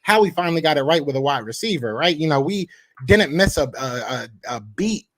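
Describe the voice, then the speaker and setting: A man's voice: fairly high pitch, lively intonation, a little fast, fairly bright tone, dry recording. A man, co-hosting a casual sports podcast, talking in rambling bursts with many restarts. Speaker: podcast co-host.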